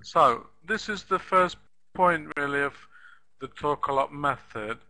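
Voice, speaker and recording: A man teaching an elementary English lesson online, speaking slowly and patiently, repeating words and spelling them out letter by letter. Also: fairly high pitch, expressive, pushed and bright, rough recording.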